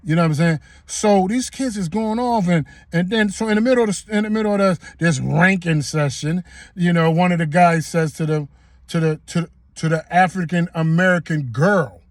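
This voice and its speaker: A man's voice: sits high, moderate pace, dry recording, clean studio sound. A man telling a personal story straight to the camera in a casual, emphatic way, repeating himself and using everyday slang. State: getting emotional. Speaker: vlogger.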